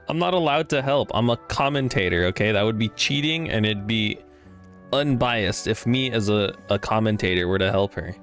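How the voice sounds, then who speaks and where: A man's voice: lowish voice, normal speed, long pauses, fairly bright tone, faint music behind. A man streaming a game, rambling and joking with casual, profane commentary.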